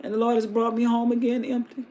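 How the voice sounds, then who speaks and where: A woman's voice: on the high side, little pitch movement, fast, warm tone, lightly acted. A woman voicing a weary grieving old widow. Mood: bitter. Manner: pleading, weary, folksy. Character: grieving aging widow, mother-in-law.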